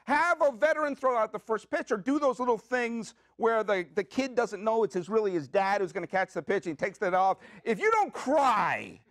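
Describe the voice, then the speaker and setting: A man hosting his own podcast, talking in an excitable, jokey, rambling way with quick asides from a community media studio. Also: high voice, dry recording. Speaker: podcast host. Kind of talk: comic solo podcast monologue.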